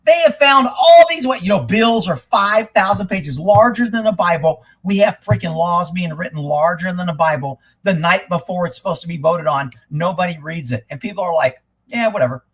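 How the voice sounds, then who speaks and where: Fired-up high-voiced man ranting. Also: lively intonation, normal speed, hardly any pauses, slightly rough. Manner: fired-up, swearing, shouts when worked up. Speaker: livestream host. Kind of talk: ranting political talk.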